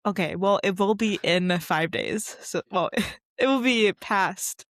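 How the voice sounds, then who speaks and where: An American woman co-hosting a soccer podcast, talking quickly and laughing often in casual chat. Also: mid-range voice, no echo. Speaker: podcast co-host.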